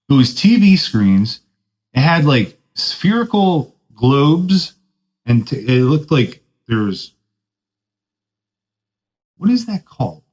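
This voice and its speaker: Brief: young male podcast host, surfer-dude talk, very lively swooping pitch, self-mocking storyteller. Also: rough recording. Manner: laid-back surfer talk, says dude a lot; self-deprecating, laughs at his own stories. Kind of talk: casual storytelling monologue.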